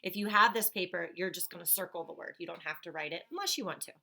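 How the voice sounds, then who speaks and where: A woman's voice: lowish voice, quick pace, creaky, pushed and bright. A woman teacher giving a phonics lesson to young children, patiently sounding out words.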